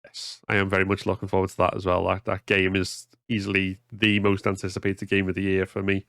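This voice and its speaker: Male podcast host, lowish voice, halting starts, dry close sound. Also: monotone, gravelly, fairly bright tone, dry recording. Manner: hesitant, repeats words when starting. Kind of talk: casual podcast chat.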